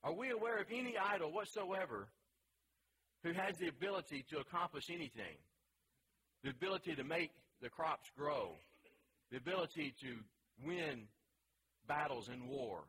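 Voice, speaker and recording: Bright-voiced man teaching a Bible class. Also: a little high, animated, moderate pace, a little hiss or hum, low-quality recording. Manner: reads scripture aloud, then poses questions to the class.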